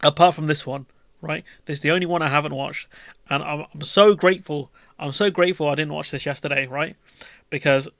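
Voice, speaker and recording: A man's voice: fairly high pitch, fairly even intonation, fairly quick, creaky, a bit bright, no room sound, clean studio sound. A man, hosting a live stream and chatting casually with his viewers in a jokey, rambling, slangy way.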